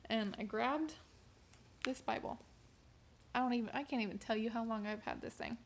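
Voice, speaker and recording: A young woman sharing a personal testimony in a vlog, in a fairly high voice. She talks in a candid, casual way and leans on conversational fillers. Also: normal speed, slight background noise. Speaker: vlogger sharing a personal faith story.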